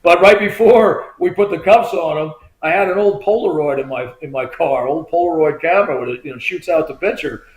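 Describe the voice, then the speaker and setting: Man, middle-aged, former trooper, podcast guest, rambling storyteller, acts out quotes, higher voice, echoey room. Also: fairly quick, hardly any pauses. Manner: rambling, full of "you know" and "I mean", acts out quoted voices. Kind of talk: casual storytelling.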